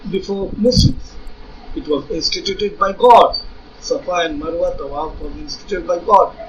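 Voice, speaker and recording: A man's voice: high voice, a bit bright, distant mic, rough recording. A man with an Indian English accent giving an argumentative religious rebuttal lecture, reading scripture aloud and pressing rhetorical questions. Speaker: religious debater.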